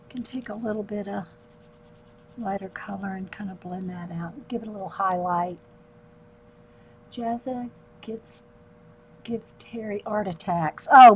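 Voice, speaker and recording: A woman's voice: mid-range voice, lo-fi sound. Chatty woman drawing on a livestream. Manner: chatty and relaxed, talks to viewers while she works, laughs often. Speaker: art livestream host. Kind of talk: casual livestream chat while drawing.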